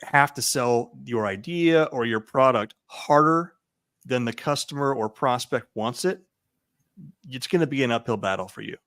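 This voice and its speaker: A man as a podcast guest, explaining his points in a deliberate, emphatic way. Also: medium pitch, fairly bright tone, no room sound, studio quality. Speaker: podcast guest, event founder. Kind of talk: casual interview chat.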